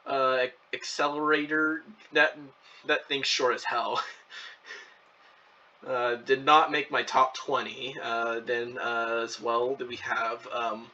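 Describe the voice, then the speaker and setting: A man's voice: medium pitch, level tone, takes it slowly, sharp tone. A young man giving casual reaction commentary on a video, hesitant and full of fillers and restarts. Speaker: channel host commenting on a video. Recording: lo-fi, distant from the mic.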